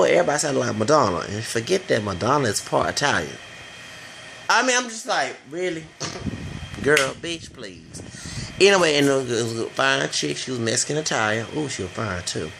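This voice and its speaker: A man's voice: mid-range voice, vocal fry, a bit bright, a little hiss or hum, low-quality recording. A man giving a rambling, blunt opinion rant for his vlog, swearing freely as he goes. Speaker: vlogger.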